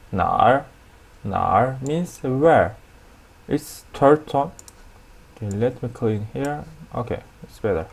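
Slow, deliberate man with a Turkish accent. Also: mid-range voice, a little mellow. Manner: slow, deliberate, repeats each new word. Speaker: language teacher. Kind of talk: explaining a language lesson at a whiteboard.

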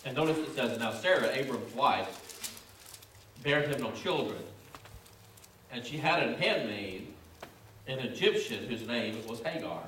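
Heard from a distant mic in an echoey room with slight background noise, a man with a mid-range, fairly bright voice delivers a sermon. He reads scripture, then builds into repetitive, emphatic exhortation in a preaching cadence of rising fervor.

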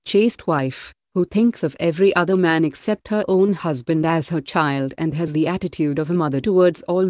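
Low, mellow woman reading aloud. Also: no echo, clean studio sound. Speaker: audiobook narrator. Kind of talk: scripted reading of a religious text.

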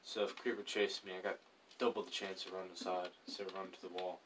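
A man's voice: sits low, little pitch movement, quick pace, recorded from a distance, background noise. A man casually chatting and rambling to himself while playing a survival game, telling offhand stories. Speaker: gaming YouTuber. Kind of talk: casual gameplay commentary.

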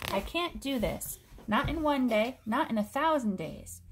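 Woman voicing a scared young girl, pitched up, fearful and pleading. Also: lively intonation, unhurried, background noise. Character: frightened young girl, trembling.

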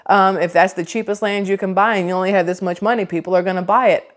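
A woman's voice: medium pitch, fairly even intonation, fast talker. Chatty, sarcastic woman. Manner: sarcastic, chatty, rambling with many restarts. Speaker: vlogger. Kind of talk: casual commentary vlog.

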